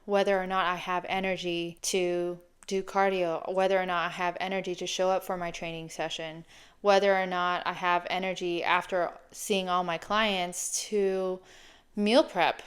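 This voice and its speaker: A woman in her late thirties, a fitness coach, talking casually and reflectively in a chatty, animated way. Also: fairly low pitch, normal speed, clean tone. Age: 30s. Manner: chatty, animated, laughs often.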